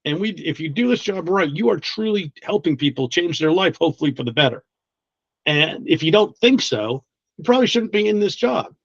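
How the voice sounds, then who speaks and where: Recruiter guy, talks kinda high, swears a lot, laughs, muffled audio. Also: expressive, brisk, a bit bright, no echo. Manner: blunt, swears freely, laughs often, many restarts. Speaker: guest recruiter. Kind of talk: casual interview chat.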